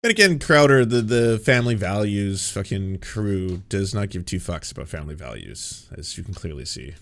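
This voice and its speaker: Sarcastic man with a lively voice. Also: low-pitched, normal speed. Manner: sarcastic, profane, exasperated. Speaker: political commentary host. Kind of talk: reaction commentary.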